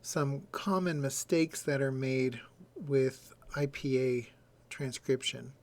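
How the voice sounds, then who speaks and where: A man's voice: medium pitch, slow pace. A man giving a recorded lecture, explaining step by step and sounding out example words.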